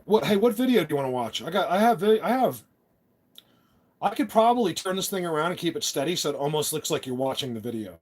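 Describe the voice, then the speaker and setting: A man's voice: a little high, animated, fast talker, darkish tone. A man hosting a casual live stream on his phone, rambling and joking about talking tough. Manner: rambling, talks tough in jest.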